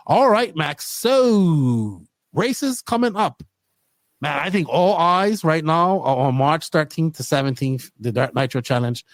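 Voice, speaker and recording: A man hosting a podcast in casual, rambling talk, often excited. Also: fairly high pitch, measured pace, dry recording. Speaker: podcast host.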